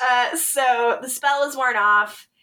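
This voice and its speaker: A woman co-hosting a podcast, casually recapping episodes, animated and laughing often as she acts out quotes. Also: a little high, normal speed. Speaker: podcast co-host.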